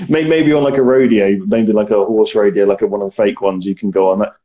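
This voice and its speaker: A man's voice: lowish voice, fairly even intonation, brisk, dark tone. A man from southern England hosting a casual interview over a video call. He is upbeat, laughs often and stammers as he goes. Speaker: interview host.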